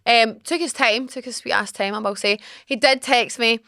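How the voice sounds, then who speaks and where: In a studio-quality recording with no echo, a podcast host in her twenties tells a story at normal speed in a fairly high voice. She's casual and animated, laughs a lot, and acts out people's quotes.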